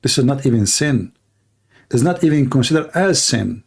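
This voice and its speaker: A man arguing in a heated livestream debate, challenging listeners in broken, non-standard English and clearing his throat often. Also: medium pitch, lively intonation, moderate pace.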